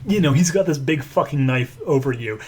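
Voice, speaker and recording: A man runs a tabletop game in a loose, rambling way, full of fillers. His voice sits at an ordinary middle pitch. He talks in plain everyday chat. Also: animated, a little fast, darkish tone, a little hiss or hum. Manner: casual, rambling with many fillers. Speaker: game master.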